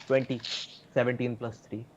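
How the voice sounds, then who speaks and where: A man's voice: mid-range voice, little pitch movement, moderate pace, darkish tone, slight background noise. A man with an Indian English accent playing a tabletop game, speaking briefly and matter-of-factly. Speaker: player. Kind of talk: casual tabletop play. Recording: dull lo-fi mic.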